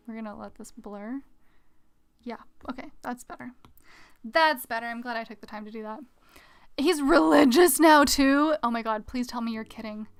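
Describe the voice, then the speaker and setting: A woman streaming her drawing, chatting casually with viewers and muttering quietly to herself as she works at a mic with a pop filter. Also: on the high side, smooth. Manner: chatty, reads chat aloud, mutters quietly to herself while working. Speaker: art streamer. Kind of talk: casual live-stream chat while drawing. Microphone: desk mic with pop filter.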